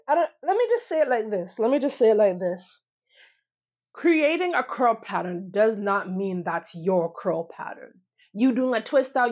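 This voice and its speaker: A woman's voice: on the high side, a little mellow, lo-fi sound. A young woman vlogging casually to camera, sassy and emphatic, repeating phrases for punch and laughing often. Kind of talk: casual direct-to-camera talk.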